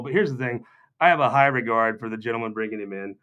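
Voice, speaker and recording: A man's voice: mid-range voice, fairly even intonation, quick pace, fairly bright tone, dull audio. A man from Missouri giving off-the-cuff, joking political remarks to a gathering, sardonic and rambling with mocking asides. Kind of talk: off-the-cuff humorous political talk.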